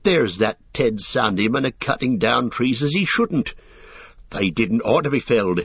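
A man's voice: medium pitch, unhurried, breathy edge, no room sound. A man voicing a loyal, homely male hobbit servant with rustic country speech, on a dull lo-fi recording. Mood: outraged.

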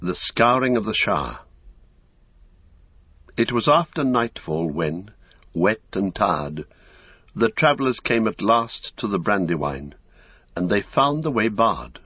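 A man narrating an audiobook in an expressive way, giving each character a voice. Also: lowish voice, takes it slowly, pauses often, breathy edge, dry recording. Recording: slightly dull lo-fi recording.

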